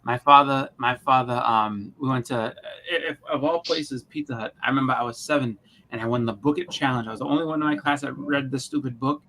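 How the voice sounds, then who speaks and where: A man's voice: mid-range voice, steady tone, fairly quick, bright, forceful tone. A middle-aged man telling rambling stories in casual chat, often repeating words and acting out what people said. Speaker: podcast co-host.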